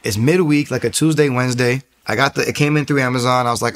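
A man giving a personal faith testimony, telling his story in an animated way, acting out the voices and using many fillers and restarts. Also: medium pitch, quick pace, few pauses.

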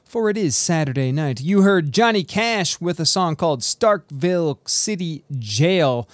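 A man's voice: on the high side, animated, measured pace, no room sound. Upbeat, chatty male radio host. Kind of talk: casual radio show introduction.

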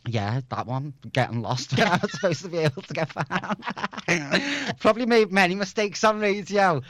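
A man's voice: sits high, moderate pace, a bit bright, dry recording. Chatty Scouse man telling stories. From Liverpool, England. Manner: chatty storyteller, laughs often. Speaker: guest, former radio presenter. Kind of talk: casual interview chat.

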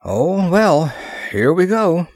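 A man's voice: fairly high pitch, big pitch swings, slow pace, a little mellow, no room sound, clean studio sound, pitched above the performer's own voice, full character voice. A man voicing a determined male expedition leader who talks bluntly and emphatically. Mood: firm. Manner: firm, clipped, emphatic speech.

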